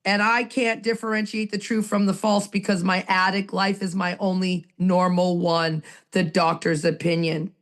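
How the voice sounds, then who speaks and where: A woman's voice: medium pitch, steady tone, normal speed, hardly any pauses. A Canadian-born woman in a recovery roundtable, sharing her story in a raw, emotional, rambling way. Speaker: recovery group participant.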